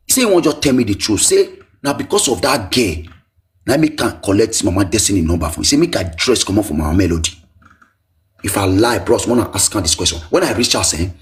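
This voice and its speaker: Animated Nigerian Pidgin man telling his story. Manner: animated, pitch swinging high and low, repetitive. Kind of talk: emotional personal storytelling.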